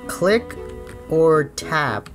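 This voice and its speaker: A gaming YouTuber giving jokey let's play commentary, excitable, with frequent gasps and laughs. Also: medium pitch, very slow, over music.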